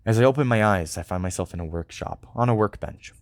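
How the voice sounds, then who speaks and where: A man with a very deep, gravelly voice narrates a first-person story in a quiet, subdued way. The recording is close and dry, with no room sound. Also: expressive, a little fast, hardly any pauses, no room sound. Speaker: audiobook narrator.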